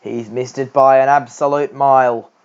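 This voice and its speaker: A young man doing an impression of an excitable Australian cricket TV commentator, loud and climbing higher with each replay. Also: moderate pace, smooth, lightly acted. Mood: excited. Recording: dull lo-fi recording.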